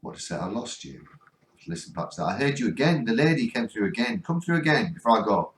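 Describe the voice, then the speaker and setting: A northern English man runs a spirit box session on a ghost hunt, pleading again and again for the spirits to answer. His voice sits fairly low. The sound is roomy and echoing. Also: big pitch swings, fast talker. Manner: coaxing, earnest, keeps pleading for replies. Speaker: ghost hunting vlogger. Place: cold spot on a ghost hunt.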